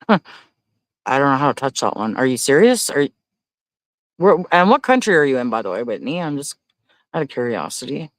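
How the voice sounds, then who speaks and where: A man hosting a casual livestream, reading viewer comments aloud. He talks in a blunt, profane rant and breaks into loud, high-pitched disbelief. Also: very animated, normal speed, long pauses, no room sound. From Canada. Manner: loudly incredulous, rises to high exclaims. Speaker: livestream host.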